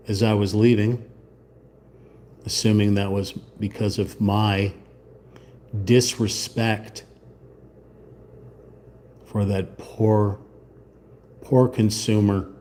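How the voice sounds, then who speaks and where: A man chats casually while painting on a live stream, drifting into sarcastic, mock-indignant rants. His voice sits low and mellow, and he takes his time with every phrase. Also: flat delivery, takes it slowly, long pauses, slight background noise. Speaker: channel host.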